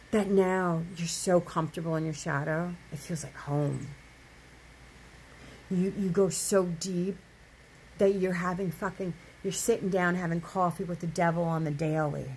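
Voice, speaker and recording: A woman's voice: medium pitch, a little hiss or hum, low-quality recording. A woman giving an impassioned spiritual monologue, emphatic, often repeating words, swearing casually and asking "right?". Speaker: spiritual speaker.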